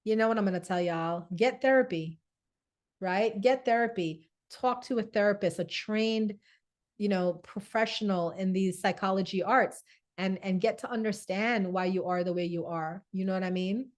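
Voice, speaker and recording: A woman's voice: medium pitch, steady tone, normal speed. A woman hosting a live-stream wellness talk, chatty, answering viewer comments and often asking "right?". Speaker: host.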